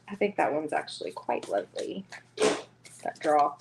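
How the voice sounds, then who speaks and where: A woman's voice: low-pitched, wildly swooping pitch, measured pace, gravelly, background noise. A woman with a Southern US accent giving a chatty live-streamed tarot reading, laughing often between cards. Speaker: tarot reader.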